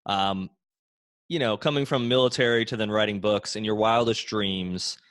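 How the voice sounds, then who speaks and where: A man's voice: fairly low pitch, normal speed, fairly bright tone, no echo, clean studio sound. A man interviewing a guest in a casual chat, asking rambling, hesitant questions. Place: home den.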